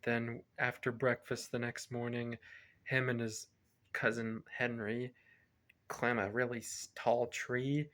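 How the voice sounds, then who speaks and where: A man's voice: medium pitch, flat delivery, takes it slowly, fairly bright tone. A man reviewing a film, retelling its plot casually in a rambling way and often correcting himself. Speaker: movie reviewer.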